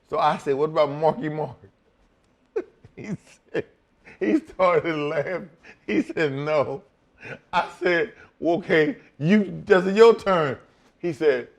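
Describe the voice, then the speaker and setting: Middle-aged male guest, slightly high voice, profane blunt storyteller who voices both sides of every exchange. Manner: blunt, swears often, acts out both sides of quoted talk. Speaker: wrestler telling stories as a guest. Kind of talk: profane shoot-interview storytelling.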